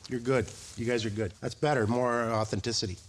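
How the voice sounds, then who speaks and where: A man's voice: medium pitch, fairly even intonation, brisk, slight background noise. A man playing an actor in a comedy audition sketch, polite and hesitant between takes.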